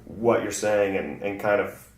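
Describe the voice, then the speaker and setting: A man's voice: on the low side, a little slow, distant mic. A man from the Southern United States, a guest comedian in casual chat, easygoing and rambling, laughing often. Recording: roomy echo, from the mic.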